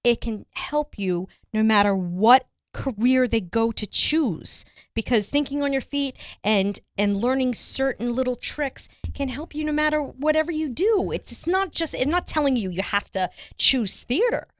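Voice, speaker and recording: A woman's voice: high voice, lively intonation, moderate pace, dry recording, studio quality. A woman hosting a casual radio talk show, chatty and laughing often.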